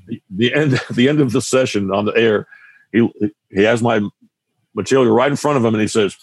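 A man's voice: medium pitch, brisk, long pauses, breathy edge, dry recording. Rambling older man telling stories. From New Jersey. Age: 70s. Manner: rambling, loose, with many restarts and asides. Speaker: musician guest. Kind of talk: casual storytelling.

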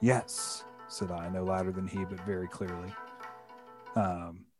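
A man's voice: sits low, monotone, moderate pace, soft background music. A man hosting a casual book discussion, thoughtful and hesitant, with many fillers and restarts. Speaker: podcast host.

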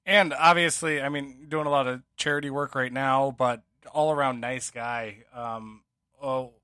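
Bright-voiced man chatting casually. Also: mid-range voice, steady tone, unhurried, dry recording, clean studio sound. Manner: rambling, many fillers and restarts. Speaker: podcast co-host. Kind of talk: casual sports podcast chat.

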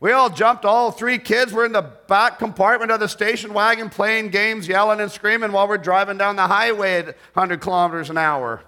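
Older male pastor with a high, bright voice, moving between quiet prayer and lively storytelling. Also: smooth. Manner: swings from hushed prayer to loud, fast storytelling. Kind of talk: sermon.

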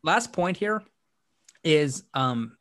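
A man's voice: on the high side, lively intonation, drawn-out words, fairly bright tone. Rambling man hosting a sports podcast. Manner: rambling, restarts often, upbeat. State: hiccuping. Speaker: podcast host. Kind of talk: casual sports podcast chat.

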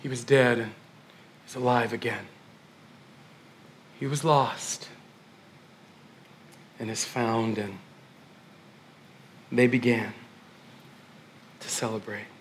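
A male pastor in his forties preaching a sermon, conversational and animated, swinging from hushed moments to loud ones. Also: medium pitch, slow pace, long pauses.

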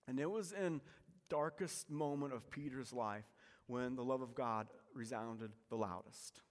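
A pastor preaching a sermon, swinging between forceful emphasis and hushed, soft lines. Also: male voice, mid-range voice, a little slow, in a large hall.

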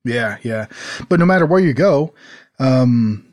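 A man's voice: mid-range voice, animated, unhurried, a little mellow. A man chatting casually as a podcast co-host. He rambles, with many fillers and restarts, and he laughs easily. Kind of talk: casual chat. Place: home, desert city.

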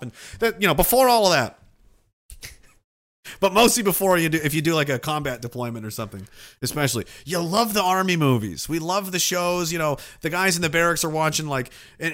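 A man's voice: fairly high pitch, fairly bright tone, clean tone. A man streaming and reading viewer messages, talking in a rambling, profane, self-interrupting way. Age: older.

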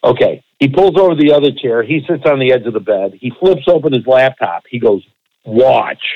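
A man co-hosting a podcast, telling a long, animated, profane anecdote in a casual way. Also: mid-range voice, normal speed, muffled recording. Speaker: podcast co-host. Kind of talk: casual storytelling.

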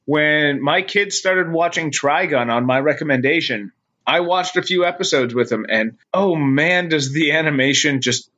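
A man's voice: fairly high pitch, moderate pace, bright, forceful tone. A middle-aged man co-hosting a podcast in casual chat, laughing often and swearing casually. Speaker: podcast co-host. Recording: dull lo-fi podcast audio.

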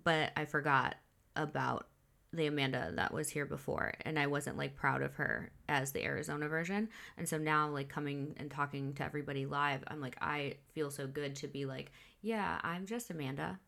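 A woman's voice: deep voice, level tone, normal speed, creaky, pushed and bright. A young woman from the Midwest, hosting a podcast in casual chat, candid and swearing freely, restarting her sentences often. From Huntley, Illinois. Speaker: podcast host.

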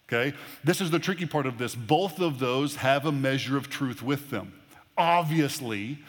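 A male pastor preaching a sermon to a church congregation, emphatic and repetitive, often slowing down to stress words. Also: mid-range voice, fairly bright tone. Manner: emphatic preaching, repeats phrases, varied pace. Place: church auditorium. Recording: long reverb of a large hall.

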